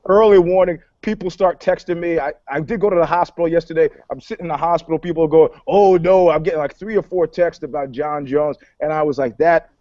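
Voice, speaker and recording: A man from New York co-hosting a casual talk show, telling stories in a profane, animated way and acting out the dialogue. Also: on the high side, fast talker, few pauses, no room sound, dull audio. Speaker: podcast co-host, PR commentator.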